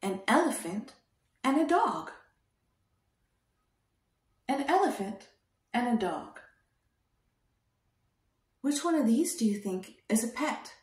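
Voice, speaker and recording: A woman teaching toddlers, speaking slowly in a sing-song, coaxing way and asking them gentle questions. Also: a little high, very animated, far from the mic. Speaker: children's educator. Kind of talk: toddler lesson with sign language. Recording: roomy echo.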